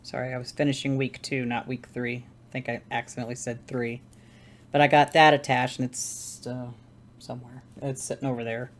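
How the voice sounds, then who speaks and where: A woman with a very deep voice hosts a crafting channel, chatting informally while she knits at home and rambling and correcting herself as she thinks aloud. She keeps a level tone at normal speed, with slight background noise.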